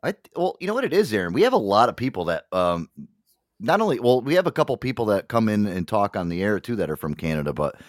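Hoarse american guy hosting a talk show, bouncy pitch, dry close sound. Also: fast, dry recording. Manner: animated, laughing often. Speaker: host. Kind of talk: casual talk show banter.

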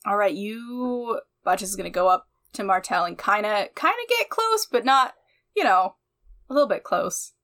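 A woman player in a tabletop game who talks casually and haltingly. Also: medium pitch, sing-song, a bit bright.

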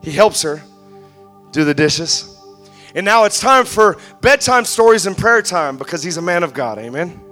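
Man, pastor, sermon, high voice, call-and-response, faint music. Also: lively intonation, normal speed. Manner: call-and-response preaching, builds to shouts.

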